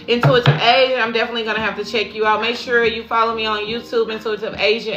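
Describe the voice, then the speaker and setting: A woman's voice: medium pitch, sharp tone, a little hiss or hum. A woman doing a live tarot reading, chatting casually and repeating affirmations to her viewers, whom she calls "y'all" and "baby". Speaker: intuitive tarot reader. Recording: echoey room with faint music.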